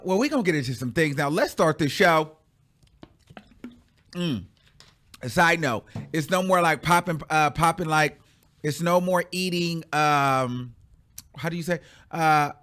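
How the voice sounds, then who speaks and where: Hosting a casual pop-culture commentary show, this man speaks in a fairly high pitch with animated sass. He stretches words out for effect and laughs often.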